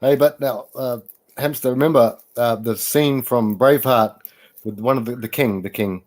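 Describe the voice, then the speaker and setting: A man co-hosting a podcast in casual banter, talking quickly and trailing off. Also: medium pitch, darkish tone. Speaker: podcast co-host.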